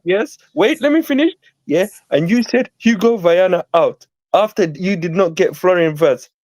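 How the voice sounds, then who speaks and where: A man hosting a heated fan debate over a video call, forcefully cutting in and repeating names to take the floor. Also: high-pitched, moderate pace, no echo.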